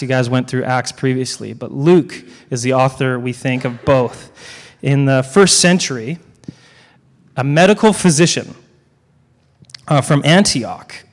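Guest preacher, male, mid-pitched, emphatic with dramatic repeats and playful asides, long hall reverb. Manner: emphatic, repeats key lines with dramatic pauses; joking asides to the congregation. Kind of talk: sermon.

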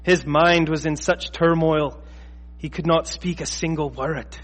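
A man putting on a Scottish accent to read an old epic tale aloud in a slow, theatrical way. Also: on the high side, steady tone, in a large hall. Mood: declaiming. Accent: put-on Scottish. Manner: slow, declaiming, theatrical reading.

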